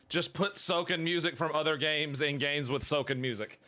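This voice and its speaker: A man's voice: a little high, normal speed, pushed and bright. A man giving loose let's-play commentary, laughing often and trash-talking a game boss in crude slang. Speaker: gaming YouTuber.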